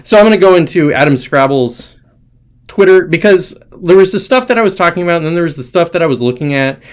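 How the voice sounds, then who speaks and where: A man's voice: fairly high pitch, expressive, fast. A man hosting a livestream, ranting with profanity and calling out chat viewers by name. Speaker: livestream host.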